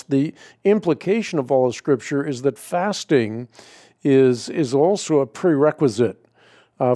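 A man hosting a radio call-in show, answering a caller's Bible question in a measured, explanatory way and often restarting his phrases. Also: mid-range voice, dark tone.

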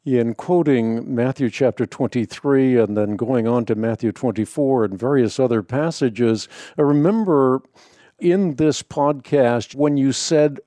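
A man hosting a religious discussion, speaking in a measured way and leaning hard on key words. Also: medium pitch, warm tone, dry recording. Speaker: radio show host.

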